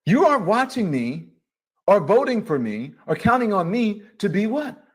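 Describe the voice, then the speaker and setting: A man's voice: sits high, very animated, normal speed, slightly rough. A man giving a sarcastic monologue as a political commentator, piling up rhetorical questions. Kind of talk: ranting monologue to camera.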